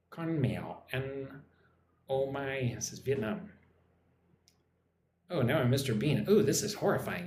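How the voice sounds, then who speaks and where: A chatty man talks playfully on a live stream, his pitch swinging up and down in amused exclamations. His voice rings in a roomy, echoey space with a faint hiss of noise behind it. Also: very animated, moderate pace, long pauses, a little mellow. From Texas. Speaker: English teacher streaming live. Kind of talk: casual live stream chat.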